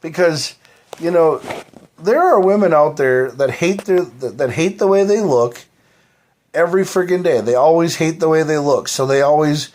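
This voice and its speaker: A man holding forth on his own live stream in a slightly high voice. He wanders from point to point, swears freely and fills the gaps with "you know" and "like". The talk is loose, unscripted and off the cuff. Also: expressive, normal speed, darkish tone. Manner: profane, rambling, heavy fillers. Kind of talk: rambling live-stream monologue.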